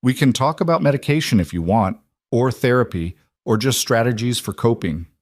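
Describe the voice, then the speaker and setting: A man voicing a calm doctor who explains things reassuringly in a story reading. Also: mid-range voice, normal speed, no echo, lightly acted.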